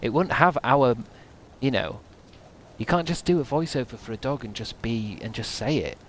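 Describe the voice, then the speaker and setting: A man's voice: mid-range voice, moderate pace, a bit bright, a little hiss or hum. A British man streaming a video game, chatting in a rambling, jokey way and trying out silly voices. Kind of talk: casual game stream chat. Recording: game music behind.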